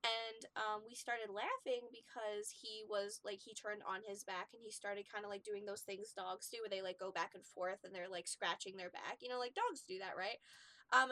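A woman's voice: medium pitch, normal speed, pushed and bright, dry recording. A young woman on a podcast telling a long casual story, rambling and laughing often. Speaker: podcast host. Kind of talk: casual chat.

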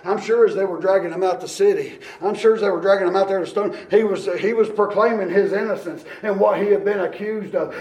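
A man preaching a sermon, moving between quiet storytelling and shouted exhortation. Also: high voice, fairly even intonation, fast, few pauses, distant mic. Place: church. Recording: echoey church hall.

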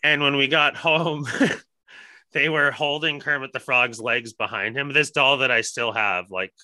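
Bright-voiced young man, wry storyteller. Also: mid-range voice, steady tone, measured pace, no room sound, rough recording. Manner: wry storytelling, swears casually. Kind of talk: casual chat.

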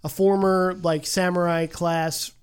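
A man's voice: sits high, flat delivery, a little slow, clean tone. A man co-hosting a podcast in casual chat, chatty and often trailing off and restarting. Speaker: podcast co-host.

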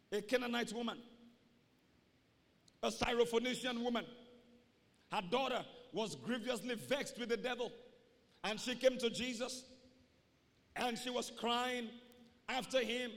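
Man, pastor, high voice, emphatic repeated phrases, echoing church hall. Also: a little slow, long pauses. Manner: preacherly, rising to shouts, repeats key phrases. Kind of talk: sermon.

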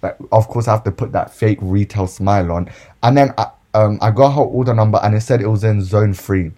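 A man's voice: on the low side, brisk, dark tone. A young man, ranting casually and profanely about customers while telling retail stories for a podcast. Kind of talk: casual storytime rant.

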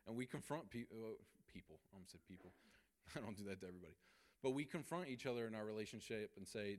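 A young man teaching a church Bible study lesson, energetic, laughing often and acting out quotes. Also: on the low side, fast talker.

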